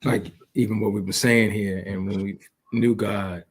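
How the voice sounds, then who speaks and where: A man, a pastor, reflecting softly in a casual church conversation. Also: on the low side, steady tone, moderate pace, breathy edge.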